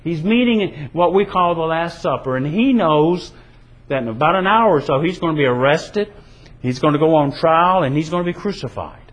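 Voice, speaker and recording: A man's voice: fairly high pitch, lively intonation, moderate pace, poor audio. A man preaching a sermon in an earnest, emphatic way, his delivery rising and falling. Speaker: pastor.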